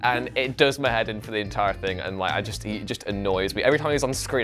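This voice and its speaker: A man's voice: lowish voice, fast talker, fairly bright tone, faint music behind. A man ranting animatedly in a casual panel chat, swearing and mocking film characters. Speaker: regular panelist.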